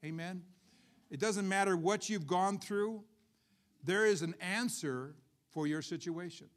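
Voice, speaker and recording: A man's voice: high voice, unhurried. A man preaching a sermon as pastor, telling a story in a conversational way with frequent asides to his congregation. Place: church service.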